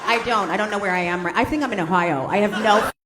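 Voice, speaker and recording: A woman's voice: mid-range voice, fast. A woman in her forties, a stand-up comedian doing brash, profane, teasing crowd work on a club stage. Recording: live club with audience laughter and noise.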